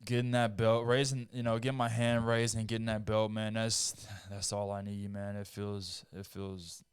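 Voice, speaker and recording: A lower-pitched man hosting a podcast, with a very smooth, resonant voice recorded dry and close. His delivery is even and flat as he speaks in a calm, steady way in casual chat. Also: moderate pace, no room sound. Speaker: podcast host, martial artist.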